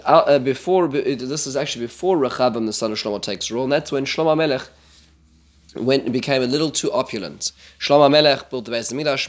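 Halting man teaching a Torah class. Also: mid-range voice. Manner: halting, many fillers and restarts, grows animated when quoting.

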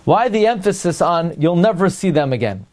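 A man teaching a Torah class. He asks rhetorical questions and pauses with fillers while he looks for the next word. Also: high-pitched, very animated, a little mellow.

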